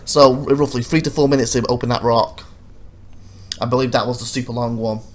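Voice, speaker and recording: A man casually commenting over his own gameplay footage as a let's play host, rambling and correcting himself, getting animated when he retells his frustrations. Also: mid-range voice, brisk.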